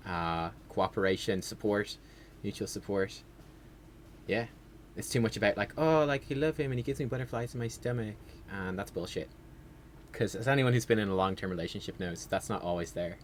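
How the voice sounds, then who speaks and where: Low-voiced man streaming gameplay commentary. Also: a little hiss or hum. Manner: chatty, rambling, with fillers and sudden excited outbursts. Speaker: game streamer. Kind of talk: casual livestream gameplay commentary.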